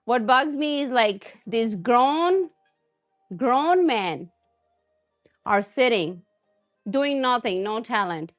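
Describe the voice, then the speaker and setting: A woman's voice: on the high side, animated, slow, pauses often, faint music behind. A woman hosting a cooking live stream, chatting casually and answering viewer comments with frequent laughs. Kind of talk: casual chat while cooking.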